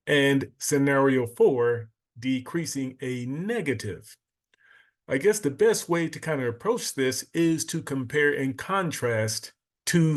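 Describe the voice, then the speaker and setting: A man teaching a math lesson, patiently explaining and counting items aloud step by step. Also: mid-range voice.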